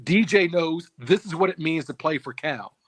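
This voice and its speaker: A man's voice: on the high side, expressive, normal speed, slight background noise. A middle-aged man co-hosting a casual sports chat, earnest, often restarting his sentences. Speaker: sports show co-host.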